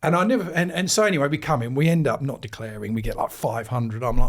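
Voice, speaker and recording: A middle-aged English man telling rambling, animated anecdotes in a casual chat as a guest. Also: medium pitch, brisk. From England. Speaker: guest, cricket managing director.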